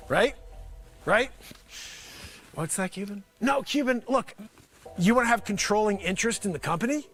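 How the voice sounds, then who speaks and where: A man hosting his own show, rambling through a sarcastic, excitable comic sales pitch. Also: normal speed, pauses often. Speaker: host. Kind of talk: comedic improvised pitch.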